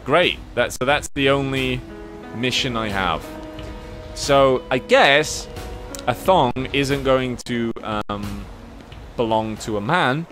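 A man streaming a video game, chatting casually, reading its text aloud, swearing and yelping with excitement. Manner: excitable, swears and laughs, jumps into high yelps. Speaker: livestreaming gamer. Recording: game music playing under the voice. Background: game music.

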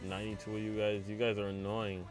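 A young man with a fairly low voice talks quickly over music while streaming a game live. He chats excitably with his viewers, and when a play falls apart he cries out in dismay.

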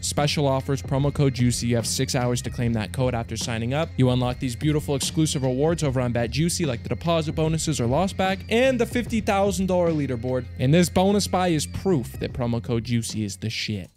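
A young man giving hyped, profane commentary over a slot game, jumping between mutters and loud yells. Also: mid-range voice. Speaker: slots streamer.

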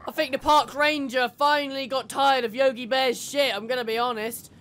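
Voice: sits high, fairly even intonation, normal speed, a bit bright. A gamer giving casual, jokey commentary while playing, laughing and swearing often. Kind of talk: casual let's-play commentary.

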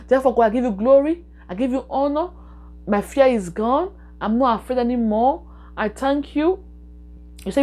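A woman preaches and leads prayer in a fairly high voice. She works by repetition, pressing each phrase again and again with exhorting emphasis. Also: a little mellow. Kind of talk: sermon and prayer.

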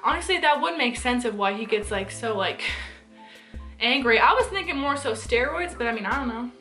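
A woman's voice: on the high side, expressive, fairly quick, bright, forceful tone, faint music behind. A young woman giving her opinions in a casual commentary vlog, chatty and full of fillers. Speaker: vlogger.

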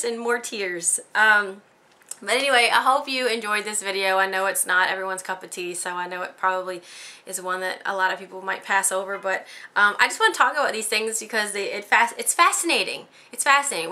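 Bright-voiced woman vlogger, casual chat, lots of ums and likes. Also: medium pitch. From United States. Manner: chatty and expressive, many fillers, quoting herself.

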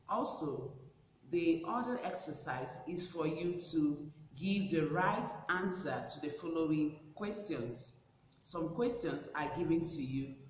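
Slow, careful male teacher in an echoey room. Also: a little high, a bit bright, a little hiss or hum. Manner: slow, deliberate pronunciation drill. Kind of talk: reading a spelling lesson aloud.

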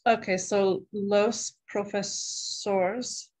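A woman's voice: mid-range voice, fairly even intonation, very slow, darkish tone. A woman in a beginner class, trying out new words carefully and hesitantly. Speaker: student. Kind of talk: language class practice.

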